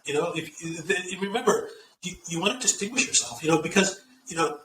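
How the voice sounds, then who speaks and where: A middle-aged man talking as an interview guest, telling career stories and giving earnest, animated advice. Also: sits high, a little fast, distant mic, background noise. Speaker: guest executive. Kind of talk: casual interview chat. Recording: echoey room, off-mic, faint ambience.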